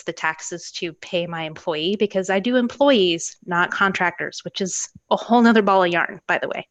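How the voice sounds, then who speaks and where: A woman's voice: medium pitch, fairly bright tone, no echo. Candid laughing woman, dry close mic. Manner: candid, laughs often, illustrates points with quoted examples. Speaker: guest, tutoring business owner. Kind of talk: casual interview conversation.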